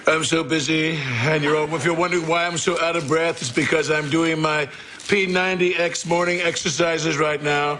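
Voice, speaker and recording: A bragging, self-satisfied president in a comedy sketch, puffing up his own success. The voice sits fairly high, bright and forceful. Faint noise hums underneath. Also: steady tone, moderate pace. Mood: boastful. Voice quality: puffed-up boasting delivery.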